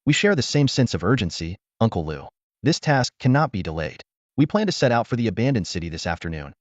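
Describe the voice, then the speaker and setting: A courteous young tamer speaks with earnest concern, as a man voices him while reading aloud. His low voice moves with lively pitch. The recording sounds dull and dry. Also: fast, no room sound. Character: young male beast tamer, polite and earnest.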